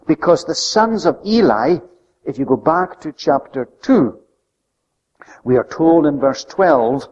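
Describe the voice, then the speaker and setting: A man preaching a sermon with an emphatic delivery that swings between loud, high stresses and soft, low drops. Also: expressive, takes it slowly. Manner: emphatic, rising and falling delivery. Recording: lo-fi recording with long hall reverb.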